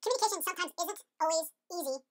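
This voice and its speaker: A man replaying his own words as a sped-up, squeaky, chipmunk-like voice. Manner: rapid high-pitched replay of his own lines.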